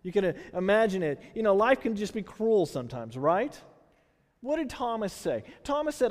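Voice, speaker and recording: A man from Texas with a Texan accent preaching a sermon, conversational and animated, full of rhetorical questions. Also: high voice, normal speed. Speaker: pastor. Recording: long hall reverb.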